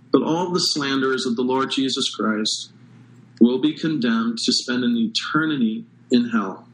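A man preaching a sermon as pastor, earnest and measured, stressing key words with pauses. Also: mid-range voice, a bit bright, poor audio.

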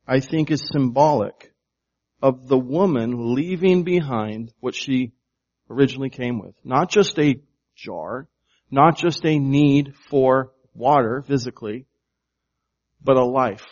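A man's voice: mid-range voice, unhurried, darkish tone, lo-fi sound. A man preaching a sermon, emphatic and shifting his volume to stress words, often asking his congregation questions. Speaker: pastor.

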